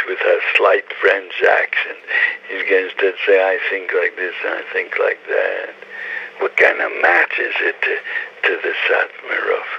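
A man in an impassioned religious discussion, swinging from fiery raised outbursts to low murmurs and weaving Yiddish and Hebrew terms into his talk. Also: vocal fry, husky. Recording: muffled radio broadcast.

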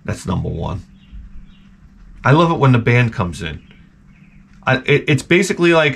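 A man's voice: very animated, moderate pace, vocal fry, long pauses, fairly bright tone, breathy edge. Profane rambling storyteller man. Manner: profane, rambling, frequent restarts; jumps up in pitch to act out quoted people. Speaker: video host. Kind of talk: casual rambling anecdote.

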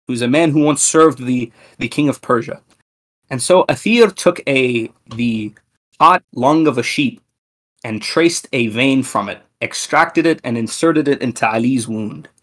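Brief: male lecturer, mid-pitched, reverent and measured, reads narrations aloud, stumbles now and then. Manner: measured, reverent, with small restarts. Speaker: religious history lecturer. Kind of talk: scripted historical lecture reading narrations.

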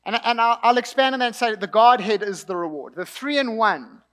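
Young South African male preacher, light high tone, relaxed anecdotal delivery. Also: brisk, in a large hall. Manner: conversational storytelling with asides and light laughter. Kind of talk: sermon.

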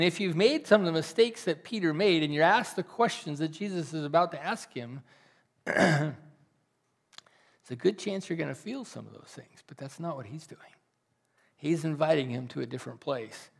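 Pastor guy preaching, gravelly voice a bit on the high side, goes loud then drops real soft. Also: animated, moderate pace. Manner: earnest, pleading, with sudden loud rises and soft drops. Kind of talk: sermon.

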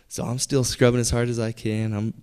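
A young man telling a personal story on stage at a live storytelling event, conversational and building to punchlines with pauses. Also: mid-range voice, little pitch movement, darkish tone, smooth. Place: theater stage.

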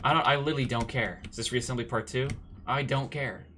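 A man streaming a game with casual, sarcastic commentary that breaks into loud bursts of excitement. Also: mid-range voice, fast talker, noisy background.

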